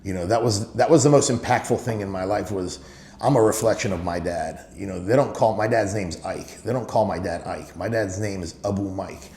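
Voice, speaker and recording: Speaking a little fast, this man has a fairly low pitch and a darkish tone. He's a middle-aged business owner sharing stories candidly and emphatically in an interview, peppered with "you know." It's recorded in an echoey room with faint noise.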